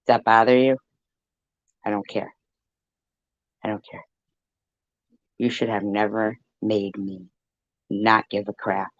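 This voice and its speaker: A man delivering a profane, taunting rant straight to the camera, slow and deliberate. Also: fairly low pitch, no room sound, dull audio.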